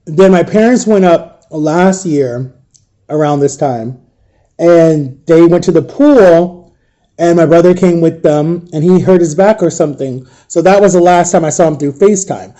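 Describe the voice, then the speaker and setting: A man recounting a painful story in an emotional storytime vlog, subdued and grieving, halting and repeating himself. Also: a little high, mellow. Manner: halting, repetitive retelling. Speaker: vlogger.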